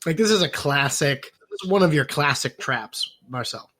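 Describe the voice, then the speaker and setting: A man's voice: a little high, lively intonation, normal speed, sharp tone. A young man co-hosting a casual comedy podcast, talking sarcastically and slipping into mocking acted-out dialogue. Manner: sarcastic, acts out mock dialogues in exaggerated voices. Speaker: podcast co-host. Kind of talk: casual political comedy chat.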